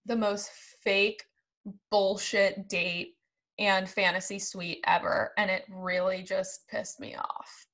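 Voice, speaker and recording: A woman's voice: mid-range voice, flat delivery, slow, a bit bright. A woman co-hosting a casual recap chat, blunt and irritated, swearing often. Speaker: podcast co-host.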